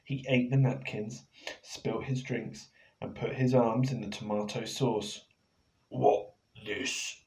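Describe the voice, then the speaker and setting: A man reading his picture book aloud to children in a playful, expressive way, now and then turning to ask them questions. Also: mid-range voice, unhurried. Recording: echoey room.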